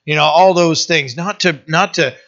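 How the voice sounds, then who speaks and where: Male pastor, relaxed chatty sermon, bright forward tone, muffled lo-fi sound. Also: on the high side, moderate pace. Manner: casual, animated, many restarts and asides. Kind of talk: conversational sermon.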